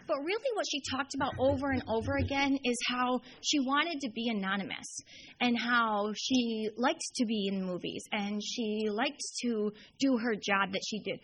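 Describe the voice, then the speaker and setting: A woman's voice: high voice, fairly bright tone, slight background noise, poor audio. A young woman telling a long personal story at a recovery meeting, chatty and full of fillers. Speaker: AA speaker. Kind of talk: storytelling talk.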